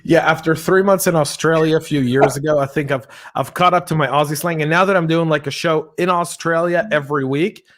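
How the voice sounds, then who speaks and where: Energetic American podcast host, man. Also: on the high side, fairly quick, few pauses. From United States. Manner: energetic, animated storytelling with funny voices. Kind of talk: casual podcast hosting.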